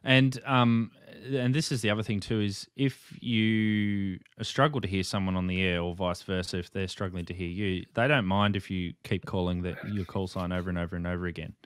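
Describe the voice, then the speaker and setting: A man's voice: low-pitched, steady tone, moderate pace, hardly any pauses, clear, resonant tone, no echo, studio quality. A man hosting a casual chat, easygoing, reading viewer comments aloud. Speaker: host.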